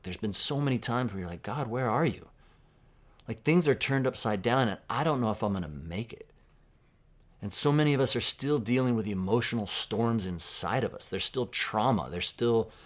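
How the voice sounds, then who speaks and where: A man from Southern California preaching a sermon in a conversational, reflective way, dropping to a hush for quoted words. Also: mid-range voice. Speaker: pastor.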